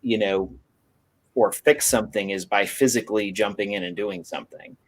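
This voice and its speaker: A man's voice: lowish voice, fairly even intonation, moderate pace, low-quality recording. A man co-hosting a casual podcast, talking in a rambling way with many fillers and restarts. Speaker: podcast co-host.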